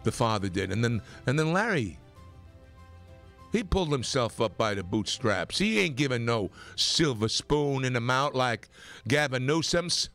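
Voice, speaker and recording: Man, talk radio host, gravelly, rambling opinionated monologue, from New York. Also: a little slow, soft background music. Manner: animated, rambling, pitch climbs when worked up.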